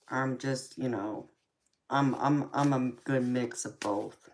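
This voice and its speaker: A woman's voice: a bass voice, steady tone, slow pace, a little mellow, a little hiss or hum. A woman with a Southern US accent in casual live chat as a tarot reader, laughing often and calling listeners "baby". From United States.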